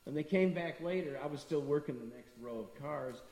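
Middle-aged male speaker, devotional talk, animated anecdotes; long reverb, voice from a distance. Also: a little high, fairly quick. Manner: storytelling, acting out quoted people. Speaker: temple speaker. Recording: echoey hall from a distance.

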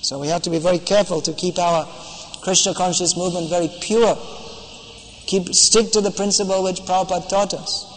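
A man's voice: high-pitched, fairly even intonation, a little fast. A man giving a devotional lecture, emphatic and scolding, quoting Sanskrit verses and insisting on his points. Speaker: preacher. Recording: long reverb with faint ambient noise.

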